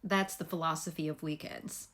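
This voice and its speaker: Chatty young woman vlogging, low voice. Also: fairly even intonation, normal speed, very noisy. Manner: chatty, rambling, snacking while talking. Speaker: PhD student vlogger. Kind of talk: casual vlog chat.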